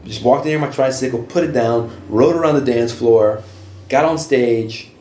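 A middle-aged man casually telling stories as an interview guest, with animated jumps into high voices for quoted reactions. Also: normal speed. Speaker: interview guest, costume hobbyist. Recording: roomy with faint ambient noise.

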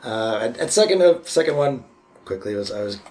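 A man on a podcast, casually telling convention anecdotes in a relaxed, rambling way. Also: mid-range voice, fairly quick. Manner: anecdotal, relaxed storytelling with fillers. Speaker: podcast co-host. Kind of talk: casual convention recap chat.

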